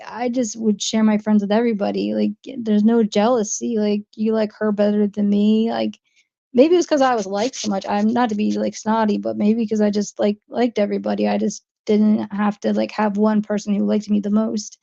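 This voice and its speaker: A chatty woman with a New Jersey accent rambles through her livestream and answers viewer comments. Her voice is gravelly, flat and mellow, and the stream audio sounds dull and lo-fi. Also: medium pitch, normal speed. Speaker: livestream host. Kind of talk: casual livestream chat.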